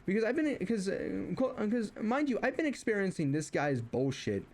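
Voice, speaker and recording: A young man with a slightly high voice rambles through a casual rant, tripping over false starts and fillers. He sounds exasperated as he vents. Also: very animated, moderate pace, a little mellow. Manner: exasperated, venting. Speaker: streamer.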